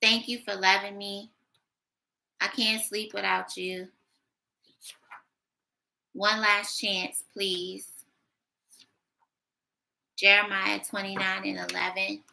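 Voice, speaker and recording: A woman giving a casual tarot reading, blunt and sassy, talking her thoughts out loud. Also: mid-range voice, level tone, slow pace, vocal fry, long pauses, a little hiss or hum, poor audio. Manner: blunt, sassy, thinking aloud. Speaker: tarot reader.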